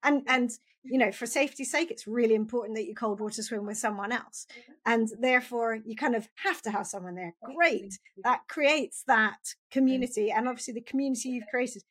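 A woman's voice: on the high side, a little fast, a bit bright. A woman hosting a podcast, asking loose, rambling questions and affirming her guest. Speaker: podcast host. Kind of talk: conversational interview.

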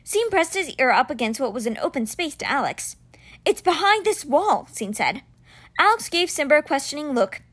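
A woman reading a novel aloud chapter by chapter, with expressive storybook narration. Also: sits high, brisk. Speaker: audiobook reader.

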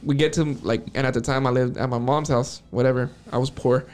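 A man co-hosting a podcast, telling a story in a casual, animated way, swearing freely and acting out what people said. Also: mid-range voice, a little fast. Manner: animated, profane, acts out quotes. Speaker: podcast co-host.

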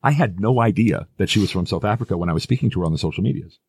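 A man's voice: low-pitched, lively intonation, very fast, a little mellow, breathy edge, no echo, clean studio sound. A man hosting a podcast, telling stories in a loose, rambling way with some swearing. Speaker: podcast host. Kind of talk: casual podcast chat.

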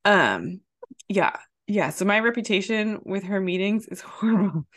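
A woman in casual chat, animatedly recounting a workplace mishap, her voice leaping high when she acts out her own outbursts. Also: a little slow. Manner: animated, jumps high when quoting herself; lots of fillers and restarts, laughs while telling.

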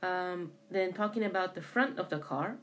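A woman's voice: fairly low pitch, moderate pace, fairly bright tone, a little hiss or hum. A Japanese woman co-hosting a language lesson, asking about words and repeating them back. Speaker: co-host asking questions.

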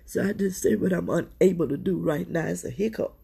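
A woman's voice: on the low side, expressive, a little fast, gravelly, dark tone, breathy edge. A middle-aged woman hosting a podcast, talking candidly and emotionally about her own struggles, swearing freely and often turning to her listeners. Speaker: podcast host. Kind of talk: personal confessional talk.

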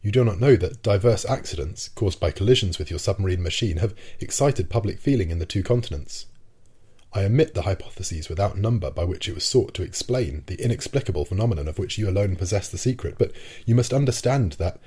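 A composed, courteous professor, as the narrator voices him in an audiobook. His voice is deep and dark with a husky grain. He reasons carefully and calmly. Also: fairly quick. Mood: earnest.

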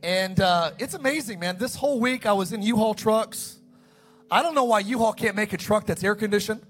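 A man preaching a sermon as pastor, animated, acting out the story's dialogue in quick asides. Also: high-pitched, faint music behind.

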